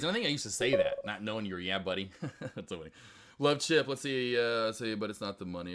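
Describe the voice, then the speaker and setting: A young man runs a live stock trading stream and talks casually to his viewers. His voice is bright and punchy, and his rambling chatter keeps breaking into excited, loud outbursts. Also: on the low side, quick pace, slight background noise. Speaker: stock trading livestream host.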